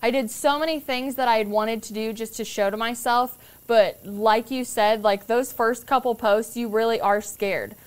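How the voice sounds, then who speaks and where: A woman's voice: on the high side, fairly even intonation, moderate pace, hardly any pauses, clear, resonant tone. A young woman telling stories as a podcast guest, candid and casual, swearing freely and acting out other people's voices. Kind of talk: casual storytelling chat.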